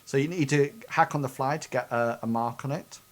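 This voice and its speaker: Man running a tabletop game. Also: medium pitch. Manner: halting, many restarts while describing scenes. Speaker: game master.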